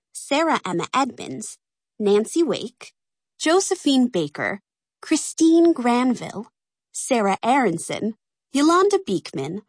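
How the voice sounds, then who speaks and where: A woman reading a children's storybook aloud in an animated, playful way. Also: on the high side, slightly rough, dry recording, clean studio sound. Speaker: narrator. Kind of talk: scripted storybook narration.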